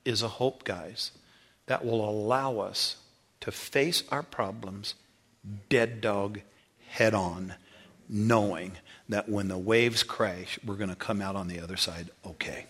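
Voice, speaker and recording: A man preaching a sermon in a folksy, rambling way, telling a story and acting out the dialogue in a high, excited voice. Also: takes it slowly.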